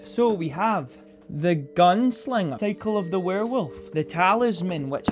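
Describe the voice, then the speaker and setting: A man's voice: high-pitched, expressive, a little slow, soft background music. A man vlogging casual book reviews, rambling and self-deprecating as he goes.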